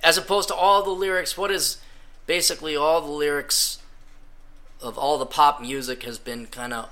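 A man's voice: on the high side, steady tone, moderate pace, pushed and bright. A man hosting a podcast, ranting casually and sarcastically, breaking into mocking sung parodies. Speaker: podcast host.

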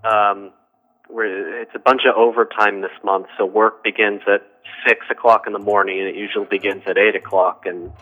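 A tired man calling in to a talk show, telling a story in a halting, hesitant way with many restarts. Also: on the low side, level tone. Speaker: caller. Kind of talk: call-in radio chat. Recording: tinny phone line.

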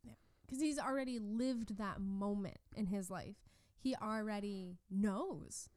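A woman's voice: mid-range voice, a little slow, darkish tone, no echo. Female podcast co-host, casual and teasing, dry close-miked sound. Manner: chatty, teasing, supportive interjections.

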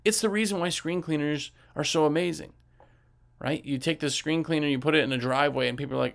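Gravelly man coaching in a chatty way. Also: on the high side, a little fast. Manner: animated, acts out customers' voices; conversational, asks rhetorical questions. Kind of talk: casual talk, coaching tips.

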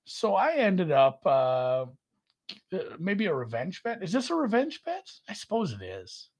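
A man's voice: huge pitch swings, unhurried, a little mellow. A man hosting a casual sports betting chat, rambling and poking fun at himself. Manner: rambling, self-mocking, jumps in pitch. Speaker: sports betting podcast host.

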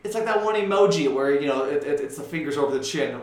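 A young man hosting a podcast in casual chat, with a voice that sits a bit high. He rambles and gets loud and worked up when riled. The room around him is echoey. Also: lively intonation, fast talker. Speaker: podcast host.

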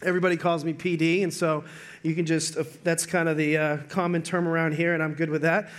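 A man preaching a sermon as pastor, joking, telling stories and talking with lively energy. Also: a little high, fast.

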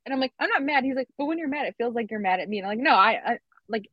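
A woman's voice: on the high side, animated, very fast, no echo, lo-fi sound. A woman co-hosting a podcast, telling a story in casual chat with lots of fillers. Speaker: podcast co-host.

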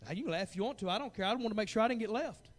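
A man in his forties preaching a fervent sermon as pastor, swinging from hushed asides to loud, urgent calls. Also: sits high, animated, rapid-fire. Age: 40s.

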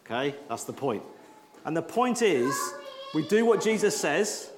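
A man leading a lively all-age church talk with props, coaxing children along and joking at his own expense. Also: a little high, unhurried, background noise. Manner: jokey, self-deprecating, coaxing children. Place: large church hall. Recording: echoey church hall with congregation.

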